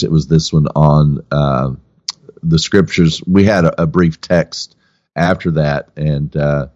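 A man with a very low voice co-hosts a podcast, easygoing and often hesitating with fillers. The sound is dull and dry, with little room around it. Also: a little mellow, no echo. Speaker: podcast co-host and teacher. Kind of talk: casual podcast chat.

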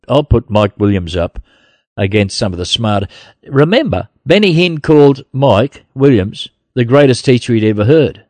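A man hosts a podcast in a blunt, combative way, laughing often. His voice sits at an ordinary pitch and is recorded dry and close. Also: lively intonation, moderate pace, a little mellow, no echo. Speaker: podcast host. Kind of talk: casual podcast chat.

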